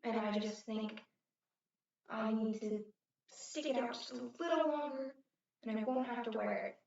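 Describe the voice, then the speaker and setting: A young woman performing a dramatic interpretation as a shy, hurt eleven-year-old schoolgirl, telling her story in earnest first person with halting restarts. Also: a little high, fairly even intonation, gravelly, darkish tone, a little hiss or hum. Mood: tearful. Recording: roomy, dull, from far off.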